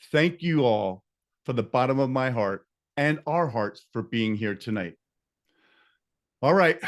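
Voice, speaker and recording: An earnest man leads an online reading group over a video call. His voice sits at an ordinary middle pitch, and he is warmly encouraging, slowing down to repeat key questions so everyone can follow. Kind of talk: hosting an online book-club session.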